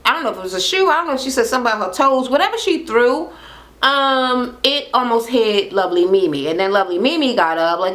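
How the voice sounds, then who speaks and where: A woman hosting a profane, casual reality TV recap, acting out what the cast said with big jumps in her voice. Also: fast talker. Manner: animated, acts out quotes with pitch jumps and laughs.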